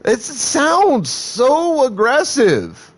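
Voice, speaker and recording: A male streamer talks in a high, lively voice that rises and falls widely. His pace is unhurried, and he rambles and swears through casual chat, often restarting sentences. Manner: rambling, profane, with frequent restarts.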